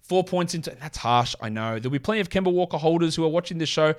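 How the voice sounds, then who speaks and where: A man hosting a casual sports show, reading off stats quickly with blunt, sarcastic commentary. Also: a little high, animated. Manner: blunt, sarcastic, rapid-fire stat reading. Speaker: podcast host.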